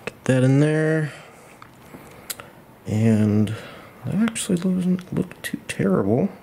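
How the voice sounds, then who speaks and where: Slow gravelly-voiced hobbyist man. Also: on the high side, slight background noise. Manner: relaxed, thinking aloud, self-deprecating. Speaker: model builder. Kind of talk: hands-on build tutorial. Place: home workshop at night.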